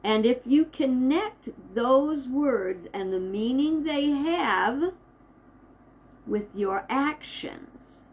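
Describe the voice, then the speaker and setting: Woman minister, inspirational talk to camera, slow measured delivery, emphatic pauses. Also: high voice, expressive, darkish tone, poor audio.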